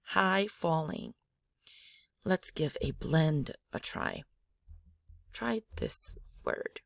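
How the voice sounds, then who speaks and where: Woman teaching pronunciation, real slow, lowish voice, says sounds over and over. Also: lively intonation, vocal fry, no echo, studio quality. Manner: demonstrates sounds by repeating them loudly. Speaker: language teacher. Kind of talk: slow spoken language lesson.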